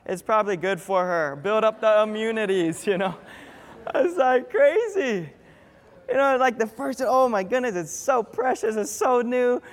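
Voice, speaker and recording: High-voiced preacher in a reverberant hall. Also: male voice. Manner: earnest preaching, breaks into comic acted-out asides. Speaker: pastor. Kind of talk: sermon. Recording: long reverb of a large hall.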